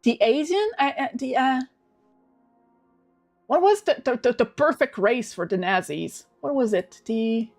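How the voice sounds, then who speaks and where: A young woman hosting a livestream, chatting casually in animated, swearing rants full of restarts. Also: on the high side, unhurried, soft background music. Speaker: livestream host.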